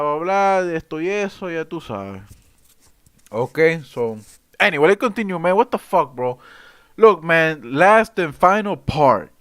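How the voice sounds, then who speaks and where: A man hosts a casual livestream, rambling in profane slang between bits of reading news aloud. His voice is smooth and clear, and the sound is dry and close, with no room echo. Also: a little high. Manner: profane, rambling, excitable slang-heavy talk. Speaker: political livestream host.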